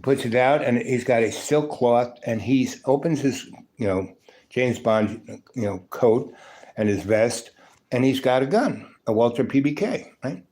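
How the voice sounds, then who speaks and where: Guy on a livestream rambling thru old school stories, you know, right?, average pitch. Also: lively intonation, measured pace, mellow. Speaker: livestream host. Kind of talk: rambling personal storytelling.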